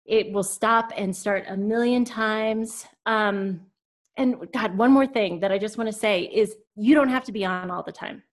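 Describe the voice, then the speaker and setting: A woman from Colorado co-hosting a relaxed conversation, earnest and encouraging in tone. She swears casually and speaks at a middle pitch. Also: a little slow. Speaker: podcast co-host, tarot teacher. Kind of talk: casual chat.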